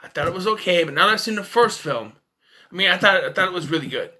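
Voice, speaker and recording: A man's voice: sits high, expressive, fast, sharp tone. A man casually ranting about a film as a reviewer, profane and sarcastic. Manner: ranting, profane, jumps into mocking voices.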